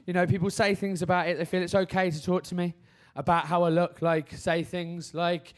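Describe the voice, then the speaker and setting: A man's voice: sits high, flat delivery, a little fast, clean tone. A young man from Birmingham doing a self-mocking stand-up comedy set, telling stories and slipping into put-on voices. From Birmingham, England.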